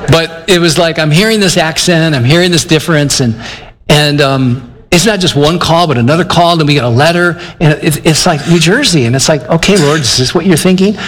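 A man's voice: a little high, brisk, fairly bright tone. Older male pastor preaching in a reverberant hall. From Michigan. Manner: earnest, conversational preaching, acts out his own inner dialogue. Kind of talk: sermon.

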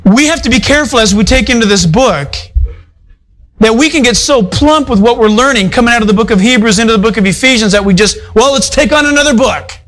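A man's voice: extremely high pitch, fast talker, a bit bright, poor audio. A male pastor preaching a sermon in a conversational, folksy way, full of asides to his congregation. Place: church fellowship hall.

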